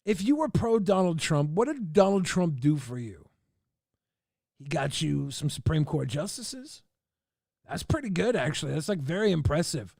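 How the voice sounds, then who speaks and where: A man rambles through relaxed livestream commentary with chuckling asides. His voice is gravelly and a little high. The sound is dry and close. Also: moderate pace, no room sound. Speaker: livestream host. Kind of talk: casual stream commentary.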